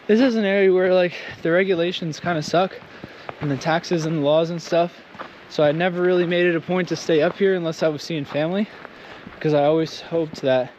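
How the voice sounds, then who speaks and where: A man vlogs from a windy mountaintop, joking and rambling in an easygoing way. His voice sits fairly high for a man, and cold slows his speech a little. Loud wind noise batters the recording outdoors. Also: muffled recording. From Southern United States. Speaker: vlogger. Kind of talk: casual vlog talk.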